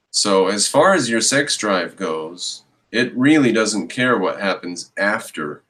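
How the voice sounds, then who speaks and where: A man's voice: on the low side, animated, slow pace, hardly any pauses, pushed and bright, rough recording. A man giving reaction commentary on a video clip, ranting with exasperated, mocking scorn.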